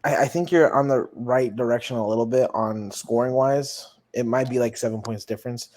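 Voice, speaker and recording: A man's voice: medium pitch, a little fast, darkish tone. A young man hosting a casual sports podcast, easygoing and laughing often as he asks for predictions. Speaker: podcast host leading picks.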